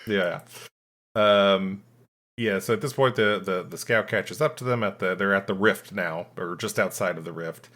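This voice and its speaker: Man, lowish voice, casual podcast recap, stop-start delivery with fillers. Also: a bit bright. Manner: halting, full of ums and restarts. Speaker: podcast host summarizing a film. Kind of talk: casual chat.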